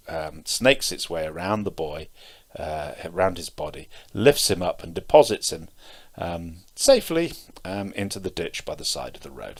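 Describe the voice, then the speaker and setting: A middle-aged man giving a Zen dharma talk, telling stories in a hesitant way with many pauses and fillers. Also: low-pitched. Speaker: Zen teacher.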